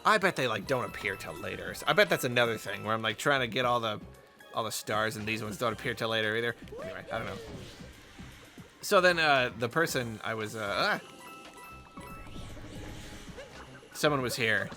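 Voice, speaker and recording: A man's voice: medium pitch, lively intonation, normal speed, long pauses, music in the background. A man telling a rambling, chatty story in casual commentary while he plays a game. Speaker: gaming video host.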